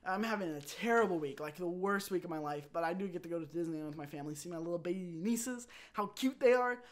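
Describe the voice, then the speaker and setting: A young man hosting his own channel, telling a rambling personal story in a casual, animated way and acting out quotes. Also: a little high. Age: young adult. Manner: animated, rambling, with quick restarts and acted-out quotes. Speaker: channel host.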